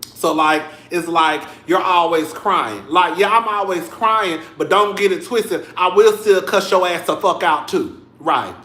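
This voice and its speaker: Sassy young guy ranting to the camera, high lively voice, echoey room. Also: a little slow. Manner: sassy, animated, cussing, talks to viewers as "girl". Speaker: vlogger. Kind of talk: casual commentary vlog. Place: home room.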